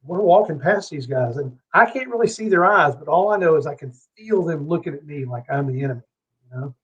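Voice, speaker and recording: A man's voice: on the high side, expressive, fairly quick, slightly rough. A middle-aged man from Savannah, Georgia, telling a long, heated story as a podcast guest, swearing freely and rambling between asides. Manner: profane, heated, rambling anecdote. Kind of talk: casual storytelling. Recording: dull lo-fi podcast audio.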